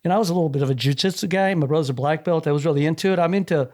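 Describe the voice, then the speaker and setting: A man's voice: a little high, rapid-fire, a little mellow. A middle-aged man, a wrestler's father, telling a long chatty story and acting out the quoted dialogue. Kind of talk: anecdotal storytelling.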